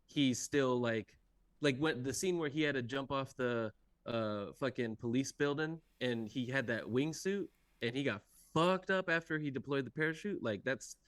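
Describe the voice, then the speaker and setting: A man's voice: medium pitch, moderate pace, a bit bright, no echo. A man co-hosting a podcast in casual chat, rambling and repeating his words as he talks. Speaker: podcast co-host.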